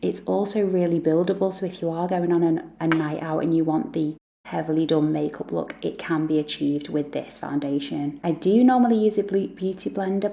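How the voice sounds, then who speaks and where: A woman's voice: low-pitched, gravelly, warm tone. A woman, a mum and beauty vlogger, talking through her makeup routine in a chatty, self-deprecating way. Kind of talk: makeup tutorial chat.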